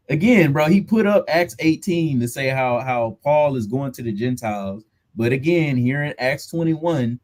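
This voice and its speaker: A man's voice: medium pitch, darkish tone. A man hosting a live reaction stream, commenting on a debate clip. He laughs often and talks in a loose, mocking way.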